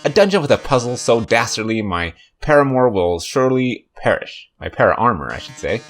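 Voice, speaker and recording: A man voicing a flamboyant male killer robot star, with theatrical, drawn-out stage delivery. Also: mid-range voice, very animated, natural voice.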